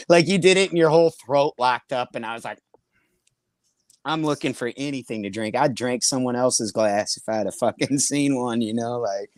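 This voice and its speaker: On a comedy podcast, a middle-aged man rambles through profane anecdotes in a casual storytelling chat, often laughing mid-sentence. His voice is mid-range at a normal speed, and the recording is dry.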